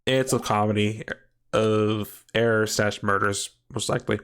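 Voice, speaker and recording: A man's voice: fairly low pitch, steady tone, measured pace, fairly bright tone, slight background noise. A man casually commenting on a game he is playing, in a rambling and self-mocking way with many false starts. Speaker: gameplay streamer. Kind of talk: casual let's-play commentary.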